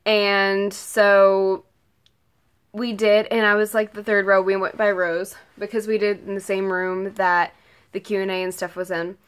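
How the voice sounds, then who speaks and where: Teen girl vlogging, super gushy and rambly, like every other word, middle pitch. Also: little pitch movement, measured pace, clean tone. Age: late teens. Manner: gushing, rambling, heavy use of "like" and "oh my god". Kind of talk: casual storytime vlog.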